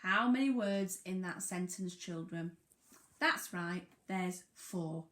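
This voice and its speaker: A woman teaching a phonics lesson to young children, sounding out words slowly and emphatically. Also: on the low side, fairly bright tone. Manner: slow, sing-song, emphatic sounding out of words. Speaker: primary school teacher. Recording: echoey room.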